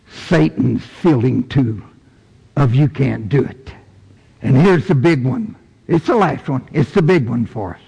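An older man delivers a sermon as pastor, his voice pitched high and his delivery unhurried. He swings between loud, high-pitched exhortation and quiet, low passages. The room rings with a long hall reverb. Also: gravelly, slightly rough.

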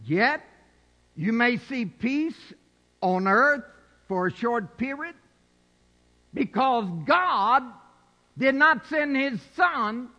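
A man preaching a sermon emphatically, his voice swelling to shouted peaks. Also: extremely high pitch, expressive, extremely slow, long pauses, lo-fi sound. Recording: long hall reverb.

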